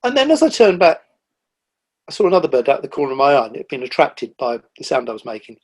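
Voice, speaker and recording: A middle-aged man, a guest on a podcast, telling animated stories about the wildlife he sees, with lively quoted asides. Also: mid-range voice, fast. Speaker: guest, nature writer. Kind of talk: casual conversational interview.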